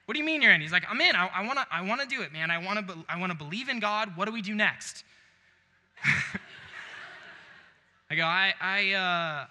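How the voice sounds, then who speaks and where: A man's voice: sits high, pushed and bright. A young man preaching a sermon, telling a story with acted-out quotes and laughing along. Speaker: pastor. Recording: long hall reverb.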